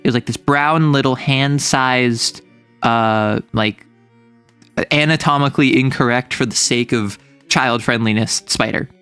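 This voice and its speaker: A man's voice: medium pitch, measured pace, a bit bright, clean tone. Chatty young streamer man over faint music. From US Northeast, near New York City. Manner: rambling, chatty, many fillers and self-corrections. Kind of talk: casual livestream chat reading chat.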